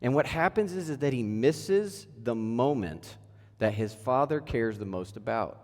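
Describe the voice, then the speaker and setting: A man's voice: medium pitch, lively intonation, measured pace, a little mellow. A man in his thirties preaching a sermon in a church, casual and conversational, full of rhetorical questions. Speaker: pastor. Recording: echoey church hall.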